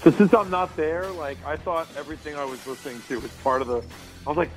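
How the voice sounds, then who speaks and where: A man's voice: a little high, quick pace, soft background music. A man joining a casual podcast chat remotely, puzzled and talkative.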